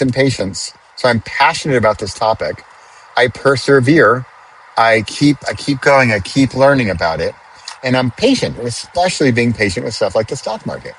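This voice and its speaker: A middle-aged man hosting his own podcast, chatting casually and explaining things step by step with little asides, recorded in a car on the highway. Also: slightly rough, rough recording. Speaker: podcast host. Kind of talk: casual solo monologue.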